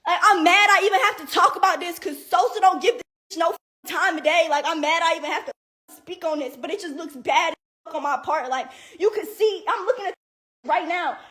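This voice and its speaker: A woman's voice: very high voice, brisk, bright, forceful tone. A young woman upset and defensive, venting in a social media video with many filler "like"s.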